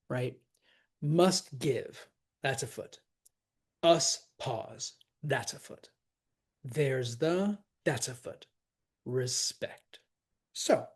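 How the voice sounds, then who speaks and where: Husky slow-talking acting teacher, man. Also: fairly high pitch, darkish tone. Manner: enthusiastic, chatty, laughs often, counts and taps out stresses. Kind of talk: scansion lesson.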